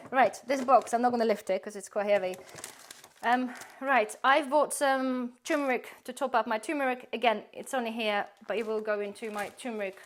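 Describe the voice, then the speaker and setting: A woman's voice: a little high, steady tone, moderate pace. A woman, giving a chatty, rambling tour of her pantry and laughing often. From UK-based. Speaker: prepping vlogger.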